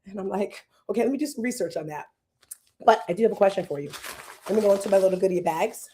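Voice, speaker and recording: A woman in her fifties hosting a show as a fitness coach, chatting casually and telling animated stories to her viewers. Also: mid-range voice, quick pace, a little hiss or hum. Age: 50s. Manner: animated storyteller, acts out voices and exclamations.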